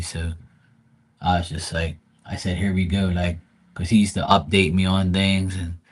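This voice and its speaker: A man's voice: deep voice, breathy edge. A man grieving, talking casually and profanely in a rambling livestream, often restarting his sentences. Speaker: tarot reader streamer.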